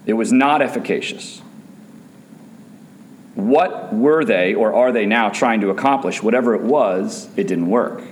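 A man's voice: on the low side, measured pace, slight background noise. A man preaching a sermon to a church, emphatic and fired up, hammering home rhetorical questions and repeating lines.

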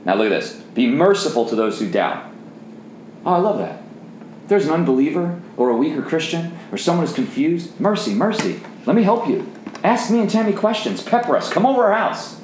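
Animated preaching man, echoey room. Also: high voice, slight background noise. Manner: animated preaching, voice rising for emphasis. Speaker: pastor. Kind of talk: sermon.

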